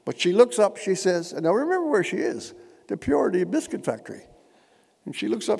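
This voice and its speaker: A man's voice: high-pitched, sing-song, moderate pace, gravelly, darkish tone, husky. Witty older man, echoey hall. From Newfoundland, Canada. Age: 70s. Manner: witty, wordy storyteller with dry, elaborate phrasing. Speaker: keynote speaker. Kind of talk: humorous keynote speech. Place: large indoor conference hall. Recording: echoey hall, long reverb.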